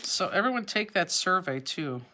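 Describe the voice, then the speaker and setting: A woman's voice: fairly low pitch, animated, normal speed, background noise. A woman teaching a live online paper craft class, giving chatty step-by-step instructions.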